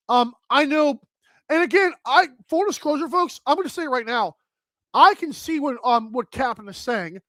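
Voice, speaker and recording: A woman hosting a live sports talk stream, chatting casually and thinking out loud with lots of filler words as she addresses viewers. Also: high-pitched, dry recording. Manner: chatty, thinks aloud with many "like"s, addresses chat. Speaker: sports talk show host.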